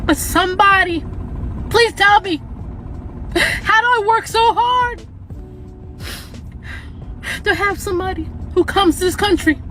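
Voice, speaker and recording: A woman's voice: very high voice, a little slow, long pauses, sharp tone. A woman telling her own story, tearful and pleading, her voice breaking with emotion. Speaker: food truck owner. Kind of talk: emotional personal testimony.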